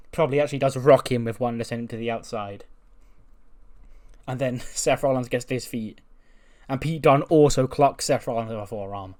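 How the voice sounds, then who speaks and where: In a slightly mellow, medium-pitched voice, a game commentator gives a casual let's-play recap of a wrestling simulation run. He's talkative, laughs, curses, and often restarts partway through a sentence.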